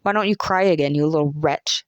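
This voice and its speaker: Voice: mid-range voice, fairly quick, no echo, natural voice. A proud young girl who taunts and sneers, played by an audiobook reader, speaking in cold, clipped, scornful phrases. The sound is dry and close, with no room around it. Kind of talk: audiobook character voice.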